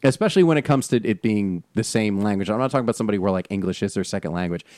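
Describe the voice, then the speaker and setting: Lively fast-talking man, dry sound. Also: lowish voice, no room sound. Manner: animated, laughs often, fast talker. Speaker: podcast co-host. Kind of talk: casual chat. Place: Los Angeles area.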